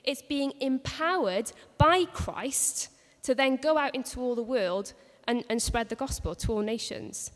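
Lady preaching to a women's group, earnest storytelling, kinda high voice, long echo in a big hall. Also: a little slow, hardly any pauses. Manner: earnest, storytelling, many restarts. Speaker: speaker at a women's church gathering. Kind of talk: personal-story sermon.

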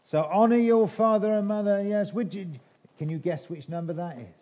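English guy preaching to kids, teasing and playful, higher voice but mellow tone. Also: moderate pace. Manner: playful, teasing, quizzing the children. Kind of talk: all-age sermon with children.

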